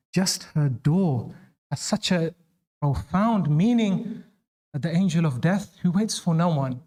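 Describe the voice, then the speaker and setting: Man, preacher, dramatic sermon storytelling, somewhat high voice. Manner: dramatic, voices quoted lines with rising pitch.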